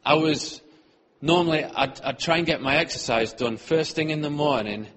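A man giving an earnest sermon testimony in church, often trailing off softly at the ends of his sentences. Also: a little high, moderate pace. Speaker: church speaker.

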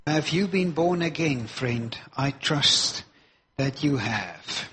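A man's voice: mid-range voice, lively intonation, slow, sharp tone, breathy edge. A man preaching a sermon, stressing and repeating key phrases for weight.

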